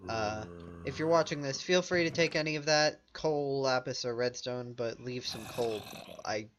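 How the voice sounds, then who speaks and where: A man's voice: medium pitch, moderate pace, fairly bright tone, slight background noise. A man from the United States giving casual, rambling gameplay commentary, full of fillers and self-corrections. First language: English.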